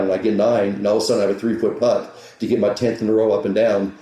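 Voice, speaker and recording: This man's voice sits on the low side, level and mellow. He's a golf instructor on a podcast, spinning a story and playing out both sides of a rapid exchange, with noticeable room echo around him.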